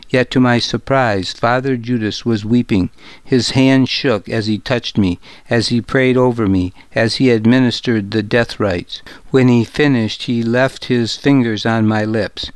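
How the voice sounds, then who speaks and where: Casual: guy reading an audiobook in first person, measured, kind of wry, smooth clear voice, dry sound. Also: mid-range voice, fairly even intonation, no echo. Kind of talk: audiobook narration.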